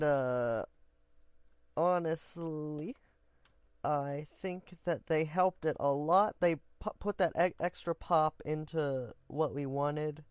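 A man's voice: a little high, clear, resonant tone, no echo. A man hosting his own building game video, talking casually and goofily to viewers with rambling asides. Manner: chatty and goofy, rambling asides. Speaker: game building vlogger, host. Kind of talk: casual gameplay commentary.

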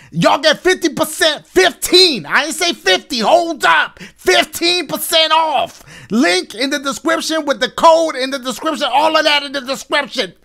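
A man giving energetic, rambling, slangy gaming commentary as a YouTuber, often shouting. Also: very high-pitched, vocal fry.

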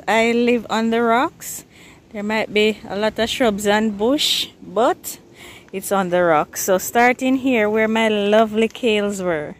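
A Jamaican woman with a Jamaican accent walks through her outdoor container garden in a casual vlog, speaking in an unhurried, mid-range voice over slight background noise. The gardening vlogger is chatty and laughs often while showing her plants.

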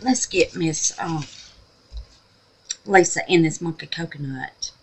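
A woman's voice: low-pitched, takes it slowly, gravelly, slightly rough, poor audio. A woman, chatting casually through a home crafting tutorial and calling her viewers babies and honey. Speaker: craft vlogger.

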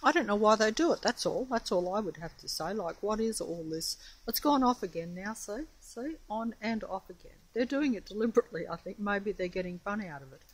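Australian woman, middling pitch, breathy tone, wary phone vlog on a windy street. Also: animated, a little fast, hardly any pauses, low-quality recording. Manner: hesitant, rambling, wary. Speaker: vlogger. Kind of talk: casual filmed commentary. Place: outdoors at a house on a windy, rainy street. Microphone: mobile phone camera.

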